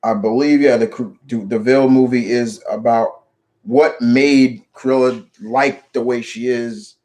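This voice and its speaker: A man hosting a casual live chat about movies, talking in an animated, rambling way with lots of restarts. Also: medium pitch, slow. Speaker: show host.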